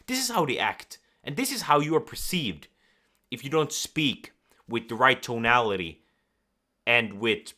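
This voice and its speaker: Speaking straight to the camera, a man in the role of a communication coach gives animated advice in a mid-range voice, acting out examples of both nervous and calm delivery.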